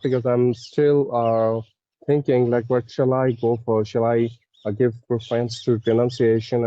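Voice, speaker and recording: A man asking interview questions politely, pausing often. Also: mid-range voice, warm tone, muffled recording. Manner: hesitant, many "uh" pauses, polite.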